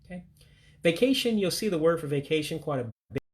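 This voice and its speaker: A man from the United States leading a casual vocabulary lesson, slowly and carefully repeating foreign words and explaining them plainly. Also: a little high, a little mellow. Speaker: language learner teaching vocabulary.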